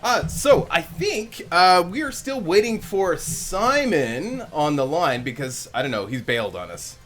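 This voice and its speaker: A man hosting a gaming live stream, excitable and rambling, laughing often. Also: on the high side, unhurried. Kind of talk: casual live-stream chat.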